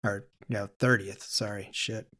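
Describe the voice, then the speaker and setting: A man's voice: fairly low pitch, steady tone, measured pace, pushed and bright. Man recapping a movie plot. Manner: recaps the plot with fillers and self-corrections. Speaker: podcast host.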